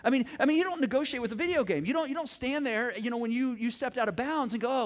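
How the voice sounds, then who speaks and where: A middle-aged man preaching a sermon as pastor, telling family stories and acting out the scenes with animated energy. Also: very high voice, fairly quick, few pauses.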